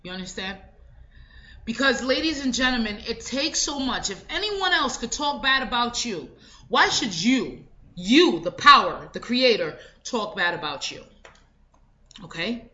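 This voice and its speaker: A woman's voice: fairly high pitch, big pitch swings, a little slow, bright, forceful tone. A woman giving an emphatic motivational speech, repeating affirmations for her listeners. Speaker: motivational speaker. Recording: dull lo-fi recording.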